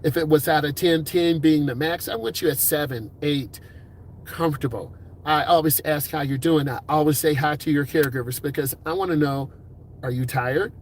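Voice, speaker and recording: A middle-aged driving instructor gives upbeat, encouraging advice in a casual talk, quickly putting on voices when he quotes people. His voice is on the high side, and there's a little hiss or hum.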